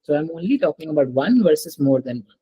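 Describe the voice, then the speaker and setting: Over a low-quality call, a patient French teacher runs an online class, repeating herself and checking in with her students. Her voice sits low and is mellow and husky, yet expressive, and she talks fast.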